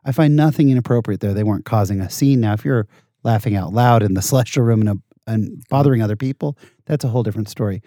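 A man in casual conversation as a guest, telling animated, self-deprecating anecdotes. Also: lowish voice, fast talker, dry recording, studio quality.

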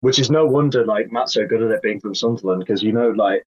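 A man's voice: fairly low pitch, fast. A man in a casual chat, rambling and hesitant with lots of fillers. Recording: dull lo-fi audio.

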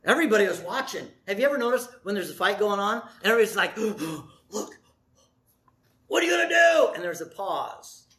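A man preaching a sermon in a high, bright voice. He is middle-aged and tells his story dramatically, acting out the voices in it and dropping from loud cries to hushed, slow lines. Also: sing-song. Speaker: pastor.

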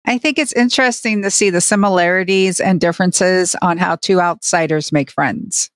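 A woman's voice: on the low side, moderate pace, no room sound. A woman co-hosting a fan podcast, reading episode summaries and chatting. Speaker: podcast co-host. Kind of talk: casual podcast chat.

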